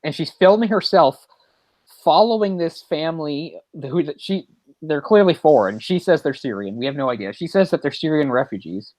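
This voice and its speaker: A man's voice: fairly high pitch, expressive, normal speed, a little mellow, no echo. A man co-hosting a movie podcast, talking in a rambling, casual way with lots of fillers and restarts. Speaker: podcast co-host. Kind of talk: casual chat.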